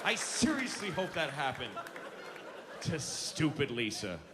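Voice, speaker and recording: A man's voice: a little high, sing-song, a little slow, a loud crowd. A man doing stand-up comedy on a stage mic, ranting sarcastically with plenty of swearing. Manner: profane, sarcastic ranting that builds to outbursts. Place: comedy stage with a live audience. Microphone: handheld stage mic. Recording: noisy live stage recording.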